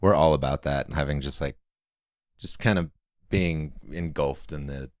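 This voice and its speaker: Young man, guest musician, extremely deep voice, dry close sound, easygoing. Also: a little slow, no room sound. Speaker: band member guest. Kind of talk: casual interview chat.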